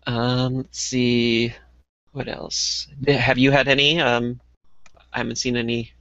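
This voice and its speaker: A man co-hosting a casual hobby podcast, talking in a relaxed way with lots of ums and uhs. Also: medium pitch, takes it slowly, no room sound, muffled recording. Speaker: podcast co-host.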